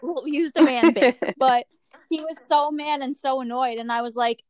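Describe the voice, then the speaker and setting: A woman's voice: high-pitched, fairly even intonation, unhurried, pauses often, dry recording. A woman hairstylist in casual chat, telling rambling stories and acting out what people said. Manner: rambling storyteller, acts out quotes.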